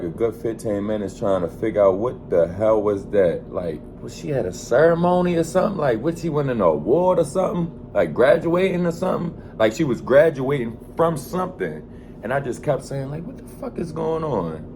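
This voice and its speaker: A man casually telling a story in a vlog, animated, full of slang and swearing. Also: lowish voice, a little hiss or hum. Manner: animated, slangy and profane, acts out quoted voices. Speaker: vlogger.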